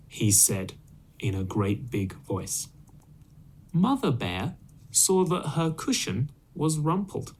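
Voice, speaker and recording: A man reading a children's story aloud, clearly and expressively, for English learners. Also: fairly low pitch, big pitch swings, slow, a little mellow, slight background noise.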